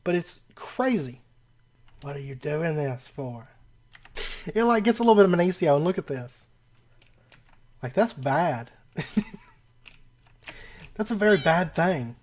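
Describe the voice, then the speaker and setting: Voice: mid-range voice, animated, a little slow, long pauses, darkish tone. A host giving casual gameplay commentary, often laughing and exclaiming in disbelief, rambling and correcting themself as they narrate each action. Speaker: let's play host.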